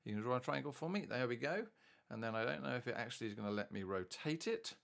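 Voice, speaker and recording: Lively, gravelly-voiced male maths tutor. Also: medium pitch, fast talker. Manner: chatty, thinks aloud while working problems. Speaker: maths teacher. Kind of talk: worked-solution maths tutorial.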